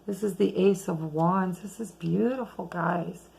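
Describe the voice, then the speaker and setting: A woman giving a chatty, rambling tarot reading at home late at night, losing her voice and talking softly at times. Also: on the low side, measured pace, creaky, breathy edge, poor audio. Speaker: tarot reader.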